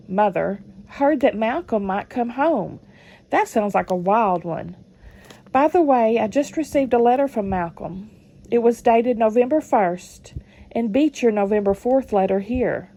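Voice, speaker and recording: A woman's voice: fairly high pitch, warm tone. A woman, reading old letters aloud and adding chatty comments between them. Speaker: channel host reading family letters.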